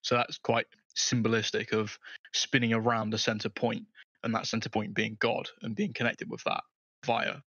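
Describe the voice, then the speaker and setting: Bright-voiced man on a dull, lo-fi mic. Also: fairly low pitch, moderate pace, husky, no echo. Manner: relaxed, hedging with "like". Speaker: podcast co-host. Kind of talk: casual discussion. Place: home, remote call.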